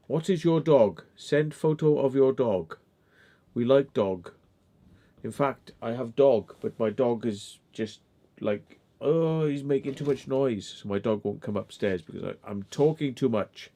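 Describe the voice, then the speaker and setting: A man's voice: lowish voice, warm tone. A man hosting a casual live-stream chat, rambling and chatty with dry asides.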